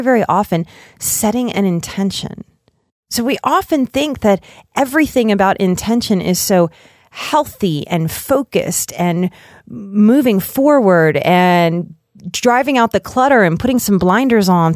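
A woman's voice: darkish tone, no echo, studio quality. A woman podcast host giving an earnest, reflective self-care talk that builds in rhythmic lists. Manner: earnest, rhythmic lists, shifts pitch often.

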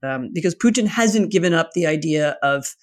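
A woman guest answering interview questions in a measured, thoughtful way, with many 'you know' fillers. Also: low voice, animated. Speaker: guest, writer.

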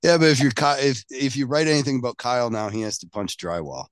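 A man's voice: mid-range voice, fast, clear, resonant tone, no echo. A man hosting a podcast in casual chat, joking and teasing his guest and laughing often. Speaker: podcast host.

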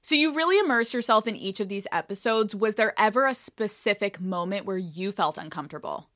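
A woman hosting a podcast interview, reacting quickly and asking eager follow-up questions. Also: mid-range voice, expressive, a bit bright. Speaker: podcast host. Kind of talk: casual interview chat.

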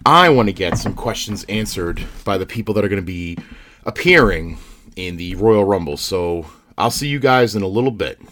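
A man's voice: sits low, expressive, moderate pace, heavy background noise. Hesitant playful podcast host man. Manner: hesitant, filler-heavy, playful. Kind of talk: playful scripted bit with interviews.

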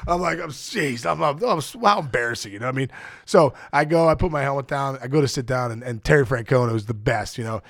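A middle-aged man, a former ballplayer, telling animated stories as a guest in a casual podcast chat, laughing often and acting out quotes. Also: medium pitch, fast, no room sound, clean studio sound.

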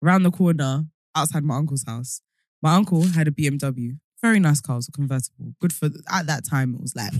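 A woman's voice: sits low, no room sound, clean studio sound. A woman co-hosting a podcast, telling stories in casual chat and laughing often. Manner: laughs often, animated storyteller. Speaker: podcast co-host.

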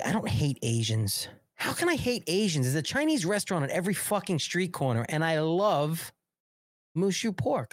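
A male talk show host reads news aloud, then breaks off into crude, sarcastic riffs. His pitch leaps and drops with lively swings. The sound is close and dry, with no room around it. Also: no echo. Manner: crude, mocking, sarcastic rant. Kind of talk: live political talk show monologue.

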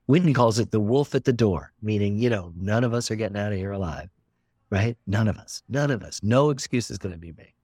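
Older male guest, earnest and expansive, lowish voice, dry close sound. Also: lively intonation, a little fast, darkish tone, husky, dry recording. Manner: earnest, expansive, repeats words for emphasis. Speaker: documentary filmmaker. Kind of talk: reflective interview talk.

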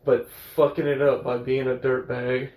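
A man co-hosts a horror podcast in loose, profane banter. His voice sits at an ordinary middle pitch. The sound carries the echo of a room. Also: level tone, moderate pace, narrow, tinny audio. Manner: profane, joking, laughs a lot. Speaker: podcast co-host. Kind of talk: casual chat.

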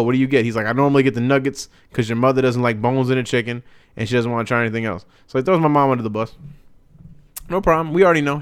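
A young man co-hosts a podcast, telling a casual story with lots of animation and acting out what other people said. His mid-range voice is smooth, and the recording is dry and studio quality.

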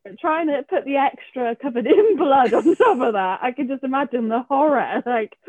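A woman's voice: high voice, animated, no echo, narrow, tinny audio. A woman, a podcast guest, chatting casually and laughing often. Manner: laughs a lot, quick reactions. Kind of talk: casual chat.

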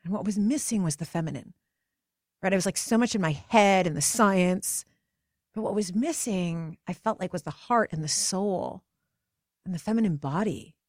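A pregnant woman in her forties hosting a podcast, telling a personal story in an earnest, emotional way, her voice climbing higher when she gets passionate. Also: moderate pace, no echo, studio quality. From United States. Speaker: podcast host.

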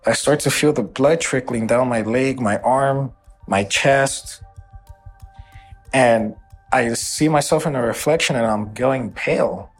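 A man's voice: mid-range voice, a little slow, soft background music. A man giving documentary interview testimony, recounting a shooting in an earnest, emotional first-person way.

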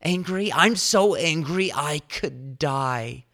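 A man's voice: medium pitch, takes it slowly, fairly bright tone, clear, resonant tone, pitched above the performer's own voice. A man voicing a whining, self-pitying runaway prophet who complains in melodramatic outbursts. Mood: indignant.

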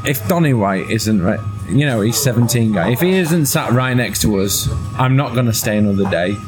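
A man's voice: mid-range voice, lively intonation, moderate pace, music in the background. A man, tipsy and hiccupping, chatting dryly with a friend outside a football ground. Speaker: podcast co-host. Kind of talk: casual chat with a friend. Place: outdoors near a football ground.

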